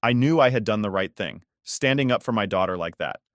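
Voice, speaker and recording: A middle-aged man tells a first-person story in a blunt, conversational way and swears freely. His voice sits low, and the recording is dry and close with no room sound. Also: animated, fairly quick, a bit bright, no echo.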